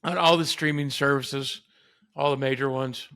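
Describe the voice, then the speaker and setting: A man in his fifties from Texas, talking as a guest in a relaxed, chatty, self-deprecating way. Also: mid-range voice, moderate pace. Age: 50s. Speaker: guest musician. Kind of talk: casual conversation.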